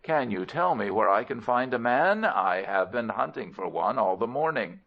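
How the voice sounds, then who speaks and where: A man's voice: medium pitch, expressive, normal speed, lightly acted. A man voicing a young male lion who talks in a polite, eager, curious way. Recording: dull lo-fi recording.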